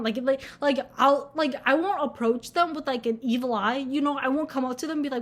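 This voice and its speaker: Young woman vlogging, high voice, sweary blunt rant, lots of likes. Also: fairly quick, hardly any pauses. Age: young adult. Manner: blunt, swears a lot, many filler likes. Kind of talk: casual rant to camera.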